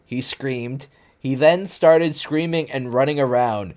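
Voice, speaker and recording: A man's voice: medium pitch, animated, a little slow, darkish tone. A man streaming himself reading a fan fiction aloud, breaking off for sarcastic, incredulous asides. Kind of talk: reading a fanfic aloud with comments.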